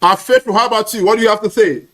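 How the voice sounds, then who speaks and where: A man hosting an online contest, announcing winners in an animated, drawn-out way. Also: high-pitched. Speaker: contest host.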